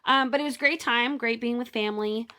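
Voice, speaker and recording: Young woman podcast co-host, high voice, chatty animated storyteller. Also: quick pace. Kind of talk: casual chat, storytelling.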